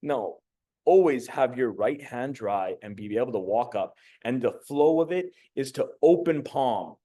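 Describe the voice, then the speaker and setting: A young adult man working as a communication coach gives a casual motivational talk, swearing freely and acting out quotes as he tells animated stories. His voice is mid-range and his pace measured.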